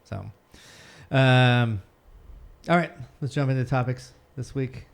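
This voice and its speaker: A man co-hosting a podcast in casual chat, chatty and quick to laugh, often trailing off. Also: mid-range voice, smooth. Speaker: podcast co-host.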